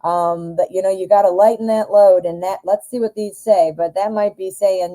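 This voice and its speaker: Woman, tarot reader, live-stream host, excitable, giggly, mellow warm voice, middle pitch. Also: unhurried, rough recording. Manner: excitable and giggly, often gushing. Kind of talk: chatty live tarot reading.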